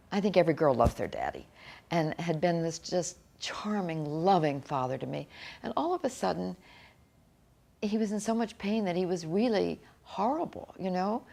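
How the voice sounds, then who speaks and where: Middle-aged woman, lowish voice with some fry, earnest and halting, interview-style personal account. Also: darkish tone. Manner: earnest, halting, with frequent restarts. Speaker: author interviewee.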